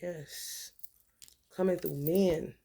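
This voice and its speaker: A woman's voice: lowish voice, steady tone, very slow, gravelly, warm tone, slight background noise. A woman venting in a casual monologue, telling a story bluntly and profanely with lots of rhetorical questions. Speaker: vlogger.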